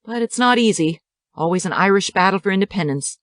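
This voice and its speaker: A woman reading the part of a kindly older male school director who counsels and teases gently. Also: medium pitch, expressive, brisk, no echo, studio quality, voice pushed up, close to an everyday voice. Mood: counseling. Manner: gentle, counseling, lightly teasing.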